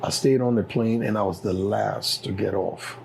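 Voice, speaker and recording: A man's voice: on the low side, fairly even intonation, normal speed, gravelly, darkish tone, slight background noise, low-quality recording. A middle-aged man with a Liberian accent telling his story as an interview guest, acting out the dialogue with animation. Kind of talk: personal storytelling.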